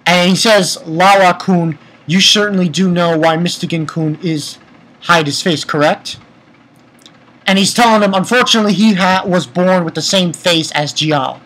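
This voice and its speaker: Excitable, profane man reviewing manga. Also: sits high, poor audio. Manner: excitable, profane rants, retells scenes with quick quoted voices. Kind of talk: casual manga chapter review.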